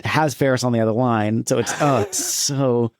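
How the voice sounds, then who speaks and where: A man's voice: mid-range voice, fairly even intonation, normal speed, dry recording, clean studio sound. A man co-hosting a podcast in casual movie-review chat, laughing often, swearing loosely and trailing off. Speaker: podcast co-host.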